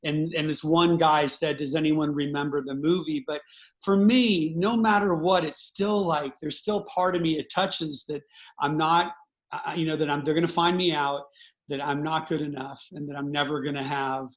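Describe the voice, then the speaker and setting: A man's voice: fairly high pitch, dry recording. Earnest, candid man with a raised voice. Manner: earnest, candid, swears, halting restarts. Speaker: screenwriter guest. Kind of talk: casual chat.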